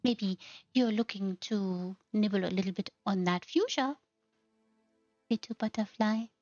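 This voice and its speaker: A woman's voice: medium pitch, a little slow, a little mellow, no room sound, lo-fi sound, faint music behind. A woman hosting a narrated house tour, gushing with effusive praise. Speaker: host.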